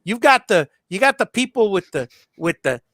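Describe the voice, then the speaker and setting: A man's voice: high voice, very animated, normal speed, fairly bright tone, no echo, clean studio sound. A man hosting a casual livestream, chatting while he solders, with many restarts and fillers. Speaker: livestream host.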